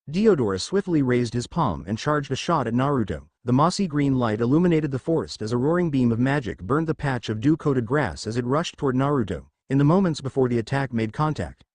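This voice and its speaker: A man reading an action fan story aloud with steady, dramatic delivery. His pitch rises and falls in a lively way, and the sound is dry and close to the mic. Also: no room sound. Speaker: narrator.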